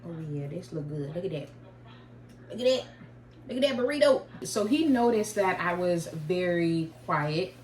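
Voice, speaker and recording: A woman's voice: lowish voice, expressive, normal speed, darkish tone, echoey room, distant mic, slight background noise. A woman vlogger telling a casual story while eating, in a chatty, slangy way.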